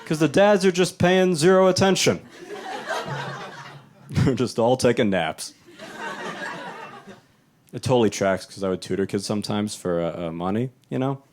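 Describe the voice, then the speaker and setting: A young adult man doing a live stand-up set in a small club, talking loosely and conversationally and jumping into animated voices for the people he quotes. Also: mid-range voice, a little slow, pauses often, crowd noise. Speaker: stand-up comedian.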